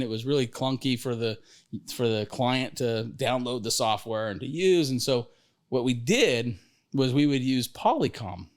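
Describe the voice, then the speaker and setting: A middle-aged man hosting a podcast, telling stories in a lively, rambling way, often restarting his sentences. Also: mid-range voice. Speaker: podcast host, financial advisor. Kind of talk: casual storytelling conversation.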